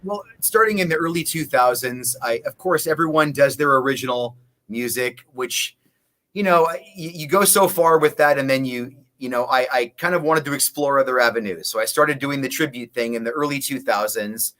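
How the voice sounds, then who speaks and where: A man's voice: mid-range voice, normal speed, bright, forceful tone. A man, a guest musician in a casual interview, telling long stories with many restarts. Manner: rambling storyteller with many restarts.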